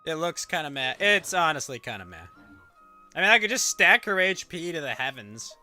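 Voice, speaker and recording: A man's voice: on the high side, very animated, normal speed, sharp tone, faint music behind. A man streaming a game, chatting casually in a wry, rambling way with offhand swearing. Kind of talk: casual gameplay commentary.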